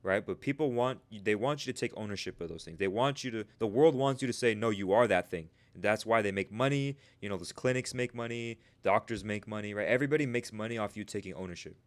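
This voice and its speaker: Man, fairly low voice, preachy trading coach who keeps asking "right?". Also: fast talker, hardly any pauses. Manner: repeats "right?" and "you guys" constantly, rhetorical questions. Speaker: trading educator. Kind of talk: motivational teaching monologue.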